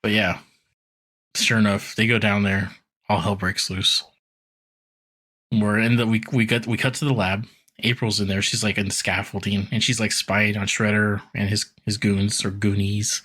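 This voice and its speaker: Low-voiced man casually recapping cartoons. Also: little pitch movement, moderate pace, bright, forceful tone, husky. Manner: loose, profane, full of "like" asides. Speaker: podcast co-host recapping episodes.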